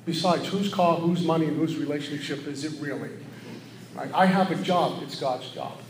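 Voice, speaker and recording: A middle-aged man giving an earnest, preachy share at a recovery meeting, often acting out his own thoughts in quick asides. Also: fairly high pitch, slight background noise. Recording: echoey room with faint ambience.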